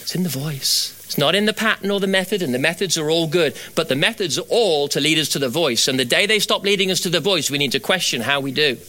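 A middle-aged man preaching a sermon. He builds to fervent, high exhortation, then drops to quiet storytelling. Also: expressive, fast, hardly any pauses.

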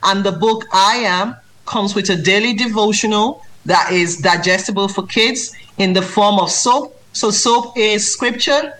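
A woman's voice: medium pitch, measured pace, few pauses, rough recording. A woman who writes children's books and tutors maths, answering interview questions in an earnest, emphatic way. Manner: earnest, emphatic, lively when mimicking reading aloud.

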